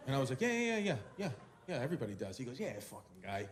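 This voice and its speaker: A male stand-up comedian telling a story with exasperated, loud outbursts. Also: mid-range voice, big pitch swings, very fast.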